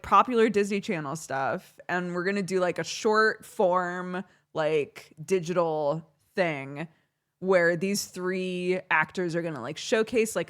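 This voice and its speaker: A young woman streamer chatting casually, telling a story with lots of laughter. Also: on the low side. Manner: giggly, animated storytelling with frequent laughter. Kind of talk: casual chat on a livestream.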